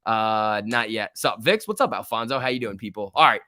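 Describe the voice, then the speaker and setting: A young man hosting a casual stock-market livestream, talking excitedly, laughing often and reading chat messages aloud. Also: lowish voice, brisk, no room sound, studio quality. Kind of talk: casual live-stream chat.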